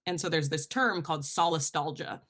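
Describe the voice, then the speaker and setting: A young woman from New Jersey, a climate educator speaking earnestly in an interview, lively when quoting others. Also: low voice, a little fast, breathy edge. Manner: earnest, animated storytelling with quoted asides. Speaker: guest, climate educator and show host. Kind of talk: conversational interview.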